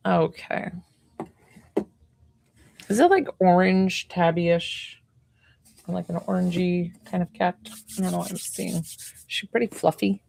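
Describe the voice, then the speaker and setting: A woman's voice: lowish voice, a little slow, gravelly, long pauses, a little mellow, dry recording, low-quality recording. A woman giving a casual spiritual reading as an animal communicator, chatting and thinking aloud to herself.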